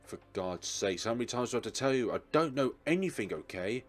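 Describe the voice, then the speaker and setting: A man's voice: medium pitch, animated, brisk, soft background music, lightly acted. Man reading a defensive, nervous suspect. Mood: agitated. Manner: defensive, pleading. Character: nervous male suspect under questioning, defensive.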